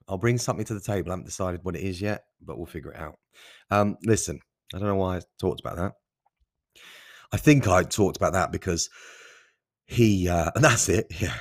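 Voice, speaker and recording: A man's voice: low-pitched, breathy edge, no room sound, clean studio sound. A man hosting his own podcast, talking off the cuff in a rambling, self-deprecating way with casual swearing. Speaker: podcast host. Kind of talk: casual solo podcast monologue.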